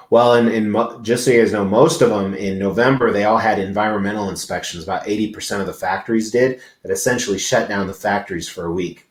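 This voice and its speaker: A man's voice: fairly low pitch, roomy sound. A man hosting a live stream, chatting casually and rambling, swearing freely as he talks to viewers. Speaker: livestream host. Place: large indoor convention venue.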